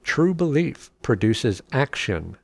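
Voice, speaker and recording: A man reading scripture aloud and explaining it in a measured, scripted teaching style. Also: mid-range voice, very animated, creaky, breathy edge, no echo. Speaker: Bible teacher. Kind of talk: scripted Bible study narration.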